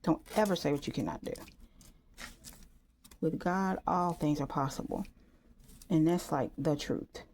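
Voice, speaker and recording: A woman chatting casually and excitedly while making a gift on camera, full of exclamations. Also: low voice, a little slow, pauses often, slight background noise. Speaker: crafter vlogger. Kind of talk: casual talk while crafting.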